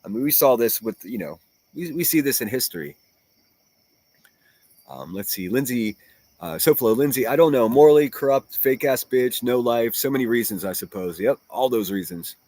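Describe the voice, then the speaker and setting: A man's voice: mid-range voice, lively intonation, normal speed, dark tone, dry recording. A man hosting a livestream, reading chat and ranting in a profane, mocking and combative way. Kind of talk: casual livestream rant.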